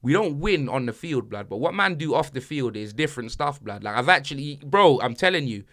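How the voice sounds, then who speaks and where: A man hosting a football banter podcast, talking in slang with loud, laughing bursts. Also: mid-range voice, animated, a little fast.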